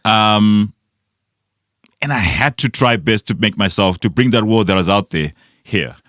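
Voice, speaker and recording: A middle-aged man from Zimbabwe, co-hosting a podcast in casual chat, animated and laughing. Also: on the low side, a little slow, dry recording, clean studio sound. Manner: animated, laughs and acts out phone calls. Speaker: podcast co-host.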